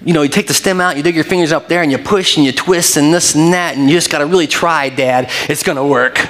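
A middle-aged man preaching in a church, his voice carrying through a hall with long reverb. He tells stories in an animated way, laughs often, and then settles into prayer. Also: a little high, fast talker. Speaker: pastor. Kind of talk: sermon. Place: church sanctuary.

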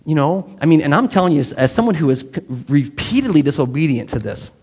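Fast-talking and sing-song, the pastor has a high-leaning voice that is a little mellow and husky. He preaches conversationally in a church sanctuary whose large-hall reverb lingers, often quizzing the congregation directly.

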